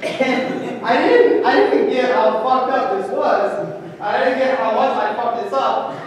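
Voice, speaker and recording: A man giving a casual storytelling talk to an audience, animated, swearing often and laughing as he goes. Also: very high voice, measured pace, a crowd in the background. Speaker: speaker at a training event. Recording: echoey hall, distant mic, audience.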